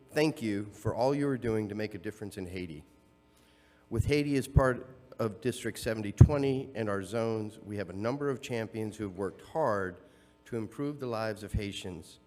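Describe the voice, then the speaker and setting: A man, a district governor-elect, giving formal, appreciative remarks at a conference. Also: on the low side. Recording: long reverb of a large hall.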